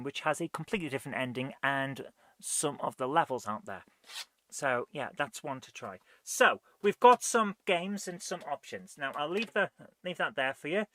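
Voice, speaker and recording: Male host, rambling live-stream chatter, bright voice, dry close sound. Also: fairly high pitch, dry recording. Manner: rambling and chatty, thinking aloud. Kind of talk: live retro gaming stream chat.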